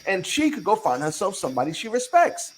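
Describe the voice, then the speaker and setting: A man's voice: high-pitched, big pitch swings, a little fast, slight background noise, low-quality recording. A man hosting a podcast in casual chat, talking emphatically with a lot of profanity and repeating his points to lecture his listeners. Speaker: podcast host.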